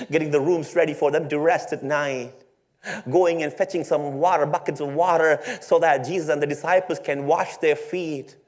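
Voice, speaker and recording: A man's voice: a little high, a little mellow. A male pastor preaching a sermon in a storytelling way, with rhetorical questions and playful asides to his congregation.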